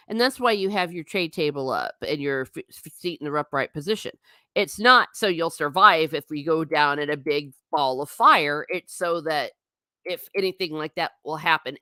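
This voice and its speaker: Reading her live chat, this vlogger jokes irreverently with viewers, laughing a lot and cursing mildly. Her voice is fairly low, bright, and forceful, recorded with no room sound.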